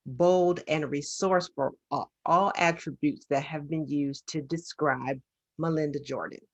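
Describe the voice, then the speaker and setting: Low-voiced woman giving a formal welcome. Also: a bit bright, muffled recording. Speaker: association vice president, introducer.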